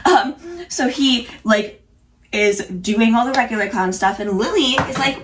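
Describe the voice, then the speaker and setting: A woman's voice: fairly high pitch, normal speed, noisy background. A young woman chatting casually to camera, recapping TV episodes in a rambling, opinionated way with frequent restarts. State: has the hiccups. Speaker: pop culture commentator.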